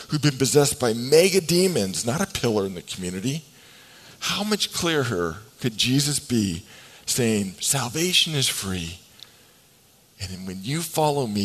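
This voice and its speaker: A man preaching a sermon as pastor. He swings between hushed, slow lines and emphatic, faster bursts, and acts out the voices in the scripture. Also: mid-range voice, poor audio.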